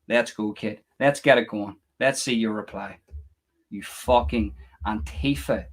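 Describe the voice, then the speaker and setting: A man with an Irish accent, a little drunk, hosting a casual live stream from home with profane rants. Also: medium pitch. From Ireland. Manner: profane, ranting and mocking. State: a bit drunk. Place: room at home.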